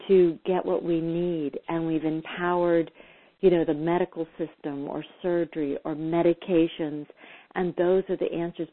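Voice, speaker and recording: A woman host speaks calmly and affirmingly in a somewhat low voice. She comes through a tinny, phone-like line. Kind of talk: casual conversation.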